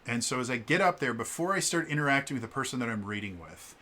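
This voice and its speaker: A man recounts a story for his vlog in a casual, animated way. His voice is bright and forward, sitting at an ordinary pitch. He stammers and restarts often and jumps up in pitch to act out what others said. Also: fast. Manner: animated, acts out quoted lines with shifts in pitch; frequent fillers and stammered restarts. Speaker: vlogger.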